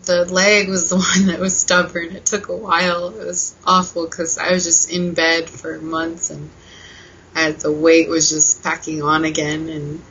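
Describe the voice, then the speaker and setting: A woman in her twenties, a podcast guest telling her story candidly with fillers, quick laughs and emotional moments. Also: on the low side, little pitch movement, dull audio, a little hiss or hum. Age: 20s. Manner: emotional, softening at painful moments.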